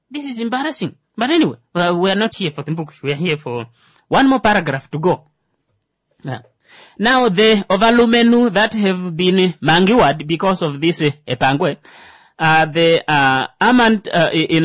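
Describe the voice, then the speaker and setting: Man, Namibian accent, show host, solo commentary, stumbling, joking asides, slightly high voice. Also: no room sound. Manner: stumbling over words, joking asides, trails off quietly. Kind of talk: solo commentary reading a news article.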